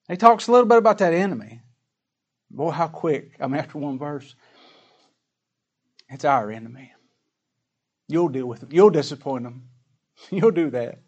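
An older man preaching a sermon in an earnest, folksy way, rising louder in prayer and dropping soft. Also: medium pitch, moderate pace, pauses often.

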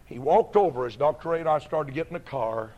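A man's voice: on the high side, expressive, quick pace, darkish tone, muffled recording. A man, a song leader and preacher giving an emphatic sermon testimony with building repetition. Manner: emphatic, repetitive, rising to fervent peaks.

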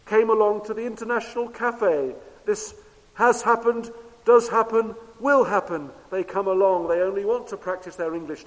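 Slow high-voiced male preacher in a hall. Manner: emphatic, repetitive rhetorical preaching; swings between loud declaring and hushed low tones. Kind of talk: sermon. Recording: long hall reverb.

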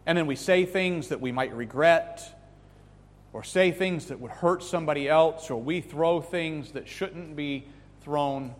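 A man preaching a sermon with earnest emphasis, rising to loud peaks and falling back to soft, pleading lines. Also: a little high, unhurried. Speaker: pastor. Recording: long reverb of a hall.

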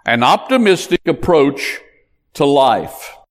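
A man's voice: a little high, very animated, slow. A man preaching a sermon as a pastor, with an emphatic, preacherly cadence that rises on key points. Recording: long hall reverb.

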